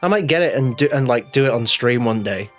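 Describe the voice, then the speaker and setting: Tabletop host, chatty, self-mocking, very animated intonation, faint music bed. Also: mid-range voice, fairly quick. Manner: animated, rambling, self-mocking, swears playfully. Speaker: game master and show host. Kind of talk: lively sponsor and channel announcements before a tabletop game stream. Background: faint background music.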